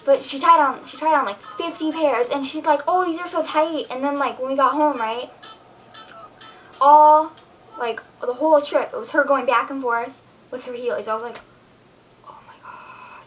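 A woman's voice: high voice, steady tone, a little fast, a bit bright, faint music behind, rough recording. A teenage girl vlogging to her viewers, rambling and exasperated as she chats casually to the camera. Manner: rambling, chatty, exasperated storytelling.

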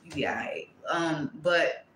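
A woman's voice: low voice, measured pace, roomy sound, slight background noise, poor audio. Blunt, cussing woman reading tarot. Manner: blunt, profane and animated, with sudden exclamations and quieter asides. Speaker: tarot reader.

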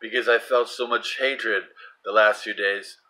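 A middle-aged man giving a fervent religious monologue, repeating himself and swinging from soft prayer to loud, urgent testimony. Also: fairly low pitch, fairly even intonation, unhurried, low-quality recording. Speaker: Christian vlogger.

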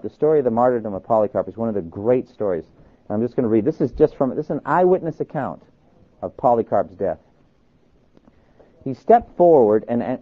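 Male pastor, storytelling sermon, very lively intonation, thin phone-quality audio. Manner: animated storyteller, reads quotes aloud and asks the audience questions. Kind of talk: sermon lecture on church history. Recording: tinny, phone-like low-quality recording.

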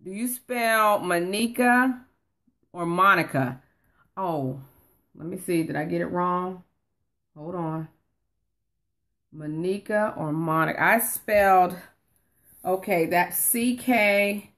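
Chatty coach lady on a live stream, slow unhurried talk, calls everyone honey. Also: medium pitch, darkish tone. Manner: chatty, calls viewers honey, reads comments aloud. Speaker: online course coach. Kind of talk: casual live-stream chat.

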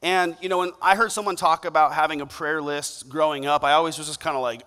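A man preaching a sermon, telling stories with lively quoted voices. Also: a little high, fast talker, hardly any pauses, smooth. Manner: animated storytelling with playful quoted voices. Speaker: pastor. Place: church auditorium. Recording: long reverb of a large hall.

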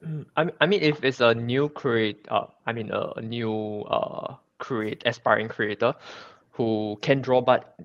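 A man's voice: medium pitch, measured pace, hardly any pauses, no room sound, muffled recording. A man from Singapore talking casually as a guest comic creator, chatty, with many fillers and restarts. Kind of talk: casual interview chat.

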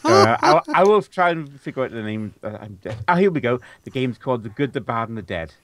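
A man's voice: medium pitch, very animated, brisk, fairly bright tone. A British man co-hosting a casual podcast chat, easygoing and thinking aloud as he searches for names. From United Kingdom. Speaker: podcast co-host.

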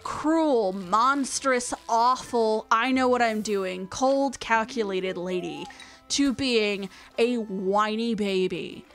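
A woman hosting a let's-play, chatting casually as she plays. She rambles and gushes, packing her talk with "like," in a voice pitched a little high. Soft game music plays quietly underneath. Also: slow. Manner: gushing, rambling storyteller with lots of "like". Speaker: let's-play gamer host.

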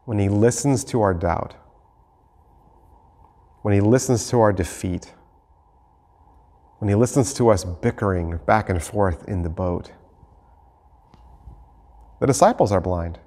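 A man preaching a sermon as pastor, reading scripture and then acting out the scene with lively shifts of voice. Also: lowish voice. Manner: animated, acts out the disciples and Jesus in quick voices. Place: church sanctuary. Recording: long hall reverb.

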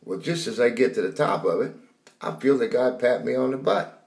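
A man tells a dream as a rambling testimony, repeating words and raising his voice for retold shouts. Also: mid-range voice, expressive, brisk, creaky. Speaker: preacher telling a dream. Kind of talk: storytelling testimony.

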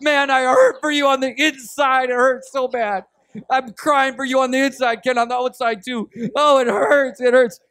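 A man voicing a tearful, overly sympathetic man in a sermon skit, wailing loudly. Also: very high voice, level tone, moderate pace, clean tone, no echo, clean studio sound, voice pushed up. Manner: sobbing, emotional, loud. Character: weepy, overly sympathetic man with the gift of mercy.

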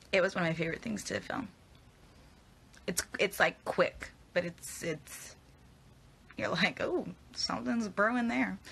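Gravelly, bright-voiced young woman rambling. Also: fairly low pitch. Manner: rambling and hesitant, stumbling over words. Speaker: actress answering fan questions. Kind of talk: casual live Q&A with fans. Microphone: phone at arm's length.

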